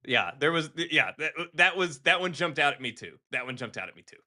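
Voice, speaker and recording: A man co-hosting a casual gaming podcast, talking in an animated, rambling way with many restarts. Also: a little high, quick pace. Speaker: podcast co-host.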